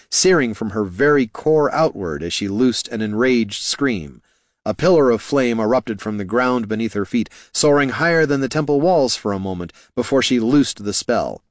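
A man reading a fantasy novel aloud in an expressive storytelling manner. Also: mid-range voice, normal speed, dry recording, studio quality. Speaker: narrator. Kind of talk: fantasy audiobook narration.

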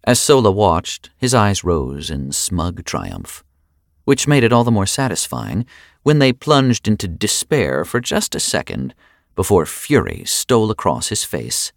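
A man narrating an audiobook in an expressive, wry way. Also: low-pitched, a little slow, gravelly, no echo, clean studio sound.

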